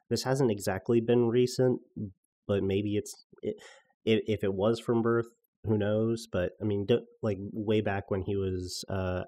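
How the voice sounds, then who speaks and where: A man's voice: deep voice, darkish tone. A man co-hosting a podcast, chatting casually, thoughtful and hesitant with dry jokes. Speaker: podcast co-host and player.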